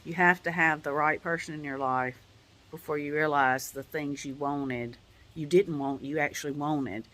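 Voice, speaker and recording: A woman's voice: low-pitched, fairly even intonation, moderate pace, a bit bright. A woman giving a casual personal update as a vlogger, talking in a rambling, heartfelt way with many "you know" fillers. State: tearing up at times.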